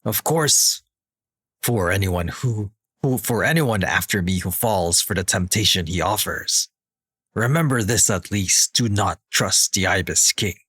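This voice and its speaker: A man's voice: low-pitched, lively intonation, measured pace, fairly bright tone, breathy edge, no echo, clean studio sound, voice pushed down, exaggerated voice. A man putting on a grave villain voice. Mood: grave warning. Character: bitter, wary male villain scholar.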